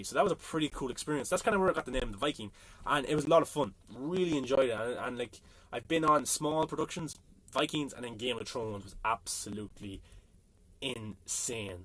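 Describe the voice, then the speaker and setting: A man's voice: mid-range voice, fairly bright tone. An Irish man hosting a late-night livestream, chatting casually and rambling while he reads out viewer comments. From Ireland. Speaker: livestream host. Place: home at night. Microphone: phone.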